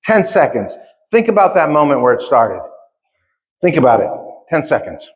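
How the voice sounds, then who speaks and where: A man's voice: a little high, very animated, normal speed. Man speaking in a reverberant conference hall. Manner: emphatic, repeats key phrases. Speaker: keynote speaker. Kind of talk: motivational storytelling speech. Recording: long reverb of a large hall.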